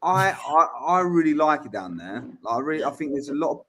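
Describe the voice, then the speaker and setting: A man's voice: on the high side, very animated, brisk, a bit bright, a little hiss or hum. A man co-hosting a casual football chat show, blunt and swearing freely, often repeating words as he talks. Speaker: podcast co-host.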